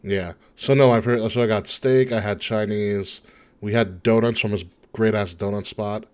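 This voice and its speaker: A man's voice: on the low side, moderate pace, clear, resonant tone. A man hosting a podcast over a video call, chatting casually and laughing often. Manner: laughs often, relaxed banter. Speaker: podcast host. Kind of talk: casual chat.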